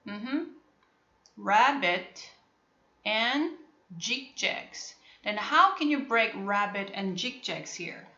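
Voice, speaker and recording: A woman teaching a phonics lesson online, talking slowly and patiently and repeating her questions to prompt the students. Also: mid-range voice, animated, bright, forceful tone, echoey room, highs cut off. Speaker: English teacher.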